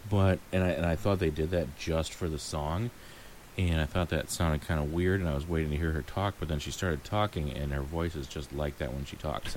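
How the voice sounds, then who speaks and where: A man with a remarkably deep, low voice talks through a movie in easygoing chat. He muses aloud, trails off, and laughs lightly between thoughts. A faint hiss sits under the recording. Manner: relaxed, musing, frequent ums and light laughs. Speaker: co-host reviewing a movie. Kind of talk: casual chat.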